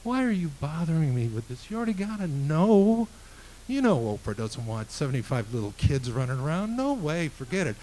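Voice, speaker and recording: A woman's voice: sits low, very animated, brisk, warm tone, slight background noise, rough recording. Guy doing an angry lady booker, blunt, swears a lot, barely changes his voice. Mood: dismissive. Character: curt angry woman TV booker.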